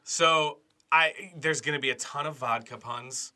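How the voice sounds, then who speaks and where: Bright-voiced rambling man. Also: on the high side, measured pace. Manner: rambling, filler-heavy, jokey. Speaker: podcast co-host. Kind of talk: casual chat.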